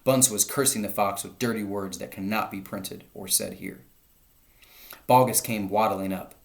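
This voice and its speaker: A man's voice: lowish voice, normal speed, vocal fry. Man reading a children's book aloud. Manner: lively storytelling, raising voice for shouted lines.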